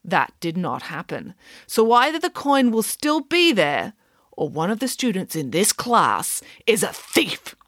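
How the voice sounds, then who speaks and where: A woman voicing a pompous, ranting male vice principal who punches out his words loudly. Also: medium pitch, big pitch swings, measured pace, no echo, studio quality. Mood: blustering. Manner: loud, punchy, indignant.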